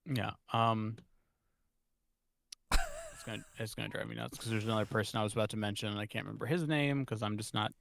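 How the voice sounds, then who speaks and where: A man co-hosting a podcast, chatting casually, rambling and joking and quick to laugh. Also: fairly low pitch, wildly swooping pitch, creaky, a bit bright. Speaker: podcast co-host. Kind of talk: casual chat.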